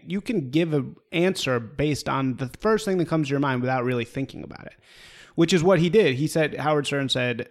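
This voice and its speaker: Man, gravelly voice, argumentative, explains his case at length. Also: fairly high pitch, brisk. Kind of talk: casual political chat.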